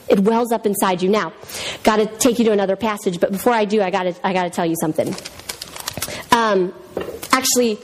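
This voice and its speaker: A woman in her thirties teaching a Bible lesson in a casual, animated way, telling stories and acting out voices. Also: fairly high pitch, a little hiss or hum. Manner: animated storyteller, acts out voices.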